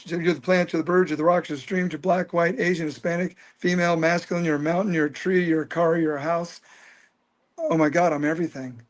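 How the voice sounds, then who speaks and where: A man in his fifties telling a personal story as an interview guest, earnest and animated. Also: a little high, brisk. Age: 50s.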